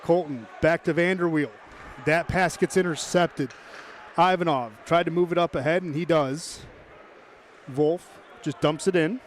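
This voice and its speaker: A man calling live hockey play-by-play, brisk and chatty, tossing in joking asides. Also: a little high, fairly even intonation, slight background noise. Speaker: play-by-play commentator.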